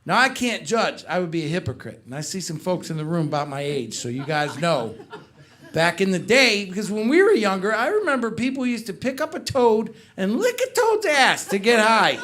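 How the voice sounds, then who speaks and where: A man's voice: sits high, moderate pace. A middle-aged man doing a stand-up comedy set on a club stage, telling stories and joking with the crowd. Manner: animated storytelling with crowd work.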